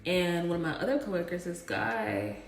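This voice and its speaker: A young woman chatting casually as a vlogger, retelling a story in an animated, slangy way. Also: fairly low pitch, moderate pace, gravelly. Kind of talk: casual storytime while getting ready. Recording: roomy echo with faint music.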